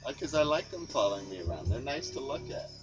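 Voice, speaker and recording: A man's voice: mid-range voice, very animated, fast. Rambling man, "eh" every line. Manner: rambling, tags sentences with "eh", swears freely. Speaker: host. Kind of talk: casual storytelling chat. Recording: dull lo-fi sound with loud music. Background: music playing.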